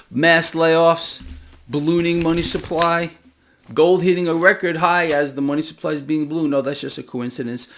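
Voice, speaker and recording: Agitated male finance vlogger, gravelly and a bit high-pitched, ranting with sarcastic punches. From United States. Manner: emphatic, ranting, sarcastic, rising to near-shouting. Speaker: finance commentator. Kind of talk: impassioned solo market commentary.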